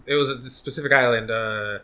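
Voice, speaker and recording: A man's voice: mid-range voice, brisk, sharp tone. A man telling a story in casual podcast chat, rambling with many fillers and restarts. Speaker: podcast co-host.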